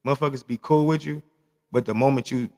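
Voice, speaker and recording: Gravelly Los man ranting casually. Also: mid-range voice, steady tone, fast, a little mellow, in a large hall. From South Central Los Angeles. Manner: loose, profane, emphatic, repeats himself. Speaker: vlog host. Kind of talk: casual monologue to camera.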